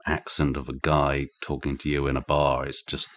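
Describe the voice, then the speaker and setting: A man's voice: extremely low pitch, monotone, normal speed, fairly bright tone. A man with a British accent, an author being interviewed, explaining ideas in a thoughtful, digressive way with frequent restarts. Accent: British English. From Britain. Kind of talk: conversational explanation. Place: indoor room shared with the host.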